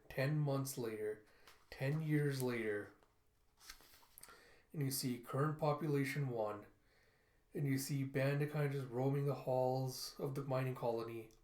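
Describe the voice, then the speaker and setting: A man's voice: medium pitch, darkish tone. Comic readthrough: a man talking loosely, echoey room. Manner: casual, loose, with many fillers. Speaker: comic reviewer.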